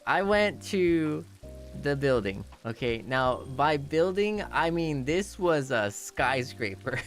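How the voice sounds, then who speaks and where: A man's voice: a little high, big pitch swings, takes it slowly, faint music behind. A young man telling a story in casual streaming chat, rambling with lots of "you know" and restarts and laughing often.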